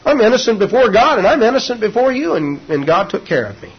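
A male preacher voicing Daniel as a calm, faithful man unharmed in a lions' den, reassuring in plain folksy words. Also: high-pitched, quick pace, husky, voice pushed up, heavily acted. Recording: dull lo-fi recording.

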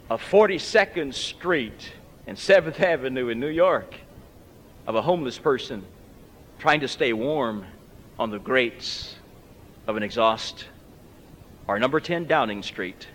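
This man's sermon is expressive and slow, broken by frequent pauses. He preaches emphatically, his voice swinging dramatically in pitch and loudness. The lo-fi recording carries a long hall reverb.

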